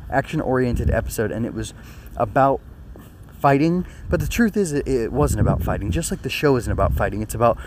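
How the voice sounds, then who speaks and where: A man's voice: medium pitch, lively intonation, a little fast, noisy background. A young man with a sore throat giving a casual spoken review of an anime episode, rambling earnestly with many fillers and restarts. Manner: earnest and emotional.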